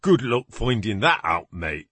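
A man voicing a defiant, bearded working man from with a rough, blustering manner. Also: lowish voice, very animated, measured pace, fairly bright tone, no echo, heavily acted. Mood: defiant, pleading.

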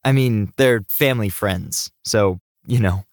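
A man's voice: on the low side, measured pace, no room sound, studio quality, lightly acted. A man doing a frank, curious slight young guy. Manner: frank, quizzical.

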